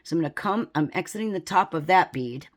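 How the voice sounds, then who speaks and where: A woman giving a calm, methodical beading tutorial, counting beads aloud as she works step by step. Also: fairly low pitch, brisk. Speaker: beading instructor.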